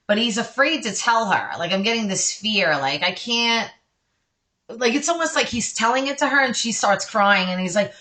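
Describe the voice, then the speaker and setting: A woman's voice: mid-range voice, animated, moderate pace, bright, forceful tone. A woman doing a casual tarot reading for her viewers, chatty and reassuring, breaking off often for apologetic asides. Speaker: tarot card reader.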